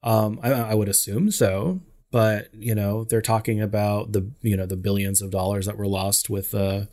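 A man's voice: lowish voice, fairly even intonation, moderate pace, a little mellow. A man co-hosting a podcast, chatting casually about a movie and padding his sentences with "you know". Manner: rambling, frequent "you know" fillers. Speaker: podcast co-host. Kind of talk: casual film discussion.

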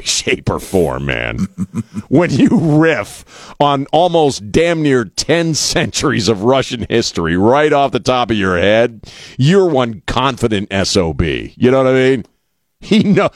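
A man's voice: medium pitch, no echo, studio quality. A man hosting a talk radio show, talking casually in a blunt, joking, rambling way. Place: radio studio.

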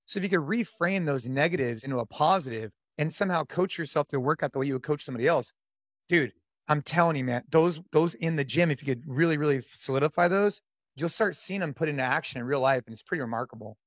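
A middle-aged man talking casually as a podcast guest, energetic and coach-like, with a lot of "dude" and "man". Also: on the high side, quick pace, no echo, studio quality. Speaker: podcast guest, gym owner. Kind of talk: casual interview conversation.

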